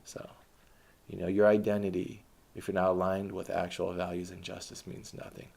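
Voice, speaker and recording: A man's voice: sits low, flat delivery, normal speed, gravelly, a little mellow. A man delivering an impassioned political monologue, ranting with frequent restarts and hesitations. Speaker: political commentator.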